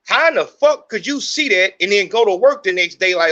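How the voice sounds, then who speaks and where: A man's voice: sits high, sing-song, brisk, hardly any pauses, bright, forceful tone, highs cut off. A middle-aged man hosting a podcast, talking in a heated, profane, rambling monologue. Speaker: podcast host. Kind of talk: unscripted monologue.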